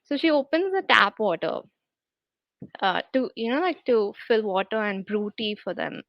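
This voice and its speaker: A woman's voice: mid-range voice, expressive, normal speed, no echo. A woman narrating a story casually and chattily, on a dull lo-fi recording. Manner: chatty, full of fillers like "like".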